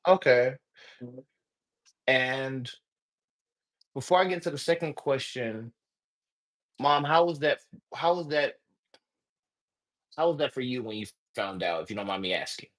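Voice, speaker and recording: A man with a Southern accent hosting a live podcast interview, talking in an animated, enthusiastic way. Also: medium pitch, measured pace, long pauses. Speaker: podcast host.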